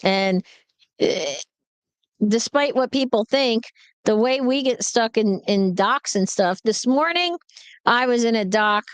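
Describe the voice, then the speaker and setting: Casual woman streamer, tired trucker, smooth higher voice, tells rambling stories, dry sound. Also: lively intonation, slow pace, dry recording. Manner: chatty storyteller, reads and answers viewer comments. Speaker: truck driver streaming live. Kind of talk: casual livestream chat.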